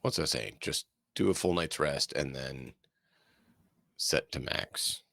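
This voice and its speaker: A man's voice: extremely low pitch, slow pace, gravelly, a bit bright, no echo. A man streaming a video game, chatting casually and rambling through his thoughts as he plays. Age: adult parent. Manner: rambling, talks through frustrations.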